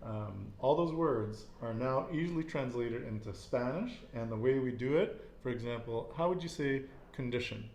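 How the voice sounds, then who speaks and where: A man's voice: medium pitch, lively intonation, normal speed, hardly any pauses, a little mellow, roomy sound, slight background noise. A man teaching a casual Spanish lesson, repeating each answer and praising it.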